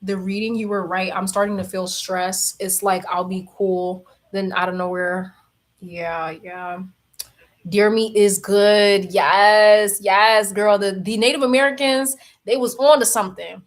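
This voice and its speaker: A woman's voice: mid-range voice, level tone, a little slow. A young woman chatting casually on a livestream, reading comments aloud, blunt and laughing often. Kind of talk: casual chat.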